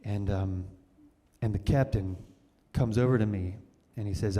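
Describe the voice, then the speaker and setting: A man telling a personal story live on stage, animated and vivid, often restarting phrases. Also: fairly low pitch, moderate pace. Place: cultural center hall, on stage. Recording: long hall reverb.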